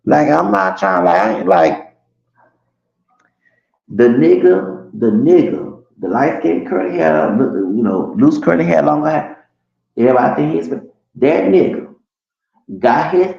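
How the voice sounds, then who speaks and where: A man's voice: mid-range voice, vocal fry. A man telling a long, rambling story on a livestream, cursing freely and talking to his viewers as y'all. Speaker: streamer. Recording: echoey room, dull lo-fi sound.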